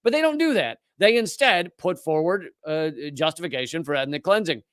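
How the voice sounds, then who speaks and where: Hosting a live political commentary show, a man speaks indignantly and slips in sarcastic asides. His voice is fairly high and fairly bright, with lively intonation at a normal speed. The studio-quality recording has no room sound.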